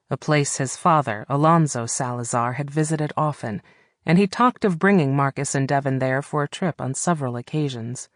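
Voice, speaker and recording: A man's voice: medium pitch, no room sound, studio quality. Male narrator reading a romance novel. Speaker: audiobook narrator. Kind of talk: scripted narration.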